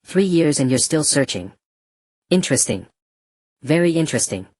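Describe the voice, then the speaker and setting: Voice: mid-range voice, sing-song, normal speed, a little mellow, no room sound, studio quality. A narrator voicing a cruel black-robed slave trader. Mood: cold mockery. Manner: casual, scornful, matter-of-fact.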